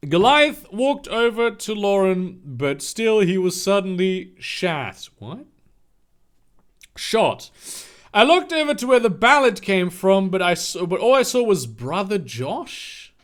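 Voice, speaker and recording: A man's voice: high voice, big pitch swings, measured pace. A man reading a story aloud for comedy, breaking off for sarcastic, incredulous asides. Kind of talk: comedic dramatic reading with commentary.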